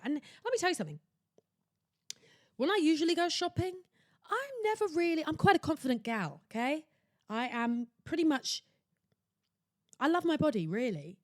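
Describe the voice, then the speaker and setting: A young woman hosting a podcast, talking in a theatrical, exclamatory way that jumps between loud outbursts and hushed asides. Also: on the high side, dry recording, studio quality. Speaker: podcast host. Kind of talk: casual chatty monologue. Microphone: laptop recording setup.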